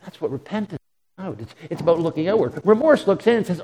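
A man's voice: high-pitched, sing-song, fast, lo-fi sound. A man preaching a sermon in an earnest way, often repeating words as he restarts. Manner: earnest, repeats words when restarting, dramatic quoted asides. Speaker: pastor. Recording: long hall reverb.

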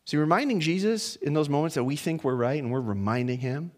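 A man with a high voice gives a relaxed, chatty sermon, going through a text verse by verse. He often repeats a word as he gathers his thought and keeps asking his listeners direct questions. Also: a little fast. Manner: informal, repeats words as he thinks, asks listeners questions. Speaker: preacher. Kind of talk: conversational expository sermon.

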